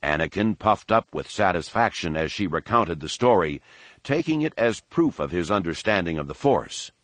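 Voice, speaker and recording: A man narrating an audiobook in a steady, unhurried storytelling manner. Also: deep voice, dry recording. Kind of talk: scripted narration.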